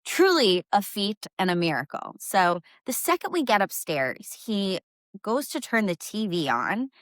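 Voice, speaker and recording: A woman's voice: mid-range voice, big pitch swings, measured pace, a bit bright, no room sound, clean studio sound. A young adult woman hosting a podcast, telling a personal story in a candid, conversational way with casual fillers. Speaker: podcast host.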